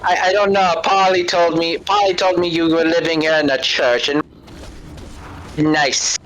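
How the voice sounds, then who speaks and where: Male streamer host, fairly high voice, laid-back giggly banter. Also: level tone, unhurried, fairly bright tone, a little hiss or hum, rough recording. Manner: laughs easily, swears. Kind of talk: casual game stream chat.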